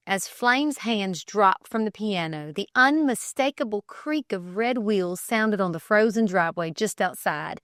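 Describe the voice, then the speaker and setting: Slow, expressive woman narrating an audiobook. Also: medium pitch, dry recording, clean studio sound. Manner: expressive, theatrical storytelling.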